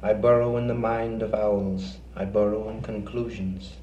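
A man giving a poetry reading in a measured, rhythmic way. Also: fairly low pitch, flat delivery, dark tone, muffled recording, slight background noise. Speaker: poet reading his work. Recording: roomy reverberant recording with faint ambience.

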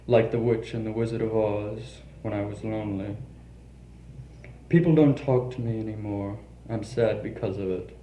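A man reads his poems aloud in an intimate, confessional way, his voice mellow and warm. The recording is roomy and echoing, with a faint hum of ambience behind him. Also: mid-range voice. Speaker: poet reading his work. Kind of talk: poetry reading.

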